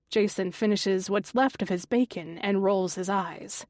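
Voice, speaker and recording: A woman narrating a first-person mystery audiobook in a measured, even voice. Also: mid-range voice, no room sound, clean studio sound.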